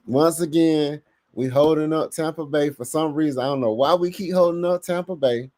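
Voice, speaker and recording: A man hosting a casual live sports podcast, reading the chat aloud and talking back to it with lively bursts of emphasis. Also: fairly high pitch, normal speed, no room sound. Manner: animated, talks to chat, bursts of louder emphasis.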